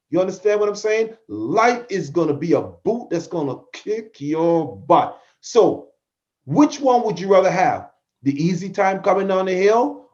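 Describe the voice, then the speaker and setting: A man's voice: high-pitched, a little mellow, dull audio. A middle-aged man hosting a podcast, giving a fervent motivational talk that repeats phrases for emphasis. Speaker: podcast host, motivational speaker.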